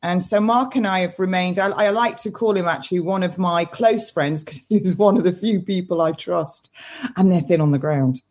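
Talkative woman, breathy tone, video call guest. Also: fairly low pitch, moderate pace. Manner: animated, talkative storytelling. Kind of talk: casual interview chat.

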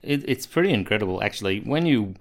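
A man's voice: on the low side, animated, fast, creaky. Teasing man co-hosting a podcast. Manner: enthusiastic, teasing, laughs often. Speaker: podcast co-host. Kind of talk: casual sports chat.

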